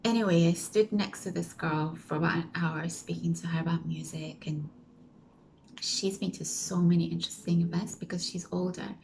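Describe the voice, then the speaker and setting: A woman's voice: fairly low pitch, fairly even intonation, normal speed, vocal fry, darkish tone, slight background noise, low-quality recording. A woman vlogger telling a story in a casual way, acting out the people she quotes and sometimes dropping to a whisper. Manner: chatty, acts out quoted voices, drops to a whisper at times.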